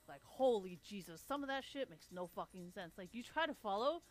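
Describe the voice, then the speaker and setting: A woman's voice: mid-range voice, brisk, hardly any pauses. A woman livestreamer delivering a blunt, sarcastic, heavily profane rant. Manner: blunt, sarcastic, swears constantly. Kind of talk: profane ranting monologue.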